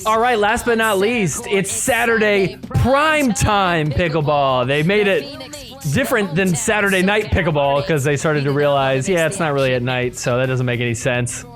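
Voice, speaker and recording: High-voiced man recapping sports highlights. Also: fairly bright tone, soft background music. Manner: chuckles often while narrating highlights; impersonates players in quick asides. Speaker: podcast host. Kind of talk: casual play-by-play recap.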